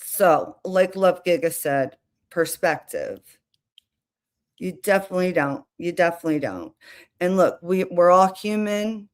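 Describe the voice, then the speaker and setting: Woman streamer, chatty and rambling, slightly low voice. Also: measured pace. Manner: chatty, rambling with restarts and asides. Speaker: livestream host. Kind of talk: casual livestream talk.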